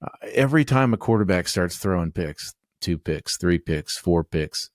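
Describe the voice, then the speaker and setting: Deep-voiced man joking self-deprecatingly. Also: animated, normal speed, no echo, clean studio sound. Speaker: podcast co-host. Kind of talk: casual sports chat.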